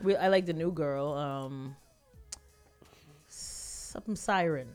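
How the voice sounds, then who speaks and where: A podcast co-host, chatting casually in a relaxed way and laughing along easily. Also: medium pitch, slow pace, smooth, soft background music.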